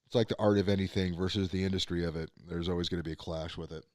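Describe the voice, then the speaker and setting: A man's voice: sits low, steady tone, racing, a little mellow, no echo, clean studio sound. A man hosting a casual podcast chat, rambling and swearing, with many fillers. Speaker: podcast host.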